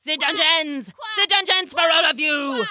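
A greedy tyrant king in a storybook, shrieking and ranting at his subjects, as a woman reader puts him on. The voice sits fairly high and bright, and it is recorded close and dry. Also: measured pace, no echo, full character voice. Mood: angry ranting.

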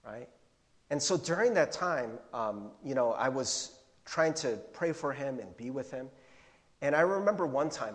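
A man in his forties preaching a sermon as a youth pastor, in a casual, animated way with slang and stammered restarts. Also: medium pitch. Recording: long hall reverb.

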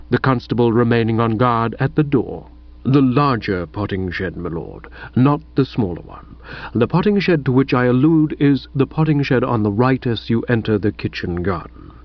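A man voicing an imperturbable, formal male valet who speaks in a low, hushed, deferential tone. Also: no echo, muffled recording, natural voice.

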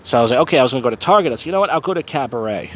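Man, podcast host, tipsy, casual rambling, crude humor, lots of fillers, middle pitch, faint background noise. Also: lively intonation, rapid-fire. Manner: crude, meandering storytelling full of fillers. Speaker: podcast host and open mic host.

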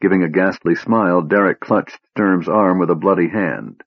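A man with a very low, husky voice reads an audiobook in a grave, measured way. The recording is dry and a touch dull. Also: no echo. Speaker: narrator. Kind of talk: audiobook narration.

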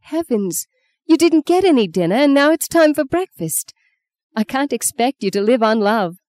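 A woman voices a witty, flippant young woman in a lively mood, pitching her voice fairly high, above her own natural register, though it stays close to an everyday voice. She speaks at normal speed, and the recording is studio quality with no room sound.

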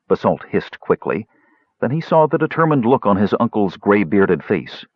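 A man narrating an audiobook in a steady, measured storytelling voice. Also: fairly low pitch, slightly rough, no room sound. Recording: dull lo-fi, dry.

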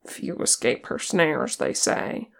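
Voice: slow pace, fairly bright tone. A reader voicing a proud, suspicious male horse-lord captain with a guarded, bitter manner in an audiobook. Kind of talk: audiobook character reading.

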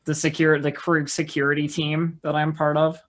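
Halting player thinking aloud at the table. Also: mid-range voice, completely flat delivery, a bit bright. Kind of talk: casual tabletop play.

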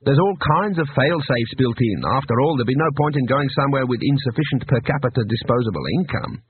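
A man's voice: mid-range voice, expressive, a little hiss or hum, natural voice. Guy playing a fussy lil shopkeeper, airy and pompous, swoopy, tinny phone sound. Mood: brisk. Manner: airy, brisk, a bit pompous. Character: fussy little male shopkeeper.

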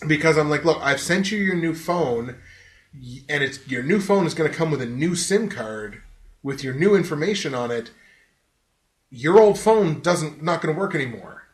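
A fairly high-voiced man tells a rambling story on a podcast, swearing freely and breaking into laughter. He's animated and casual, and the recording has a roomy echo around him. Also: moderate pace. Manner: animated, profane, laughs often while telling stories. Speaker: podcast host.

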